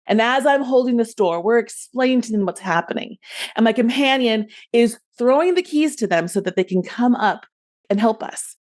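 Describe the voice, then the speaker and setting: An adult woman telling a rehearsed personal story as a podcast guest, expressive and loud when acting out yells. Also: a little high, normal speed.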